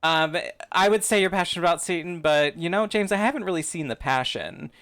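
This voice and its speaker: A man's voice: sits high, expressive, a little fast, a bit bright, clear, resonant tone. A man hosting a podcast, trading laughing, teasing banter with his co-host. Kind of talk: casual chat.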